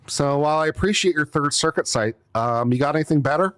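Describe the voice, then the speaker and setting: A man's voice: fairly high pitch, quick pace, a bit bright. A man, an attorney, reading out a legal brief and picking it apart with sarcastic, exasperated asides, coughing now and then. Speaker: attorney commentator.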